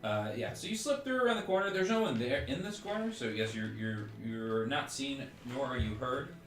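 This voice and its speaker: A man narrates a tabletop game as its game master, rambling casually with plenty of "like" and "um". His voice sits at a middling pitch. The room is echoey, with faint music playing underneath. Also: lively intonation, moderate pace. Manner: casual and rambling, many fillers like "like" and "um".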